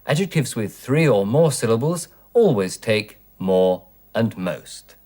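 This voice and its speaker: Guy teaching english on an old 80s tv lesson, slow careful drills, pitch bouncing all over. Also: big pitch swings, warm tone. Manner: clear, deliberate, with drawn-out word drills. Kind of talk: slow, scripted language lesson. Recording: 1980s educational television recording.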